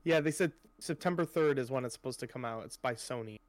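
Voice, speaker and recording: A young man co-hosting a podcast chats casually at a quick pace, rambling with plenty of fillers and casual swearing. His voice is medium-pitched.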